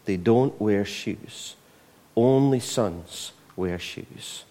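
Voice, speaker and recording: A man's voice: lowish voice, drawn-out words, mellow. A Scottish man preaching a conversational sermon, with frequent asides to the congregation. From Scotland.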